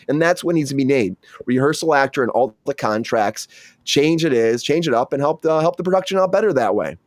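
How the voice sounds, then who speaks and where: A man, an actor hosting the show, chatting casually and acting out quotes from his stories in a raised voice. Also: no echo. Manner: animated storyteller, acts out quotes in high voice. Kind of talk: casual chat.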